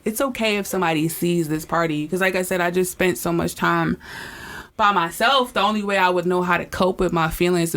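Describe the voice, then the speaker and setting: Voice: medium pitch, a bit bright. A podcast co-host in casual chat, talking candidly and reflectively with plenty of swearing.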